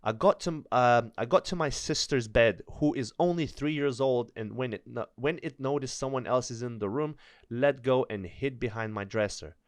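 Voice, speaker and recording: A man's voice: medium pitch, normal speed, dry recording, studio quality. A man reading creepy stories aloud, nervous and stumbling, breaking off to laugh and joke between passages. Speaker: storyteller reading online stories. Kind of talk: reading aloud with joking commentary.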